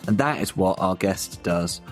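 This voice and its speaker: A man hosting a podcast in casual chat, hesitant, with many fillers, and quick to laugh. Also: low voice, lively intonation, faint music behind. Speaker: podcast host.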